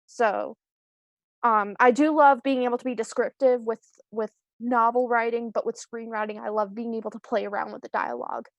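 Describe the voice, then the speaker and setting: Young woman on a video call, kinda high voice, umming and restarting a lot, roasting herself. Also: steady tone, normal speed, no room sound, muffled recording. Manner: rambling, self-deprecating, many ums and restarts. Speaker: screenwriter guest. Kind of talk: casual live-stream interview.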